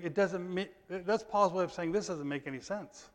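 A man preaching a sermon in a conversational way, reading scripture loudly and emphatically, then dropping to quiet asides. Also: sits high, moderate pace, few pauses. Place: church sanctuary. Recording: long church reverb.

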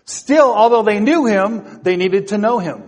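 Male preacher, high and slow, full of rhetorical questions, long hall reverb. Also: lively intonation, darkish tone. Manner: asks rhetorical questions, repeats phrases. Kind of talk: sermon.

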